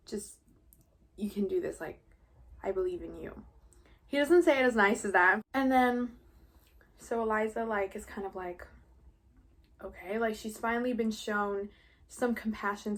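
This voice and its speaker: A teenage girl vlogging while eating, chatty and casual, saying "like" constantly. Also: mid-range voice. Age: teens. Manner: chatty, heavy use of "like".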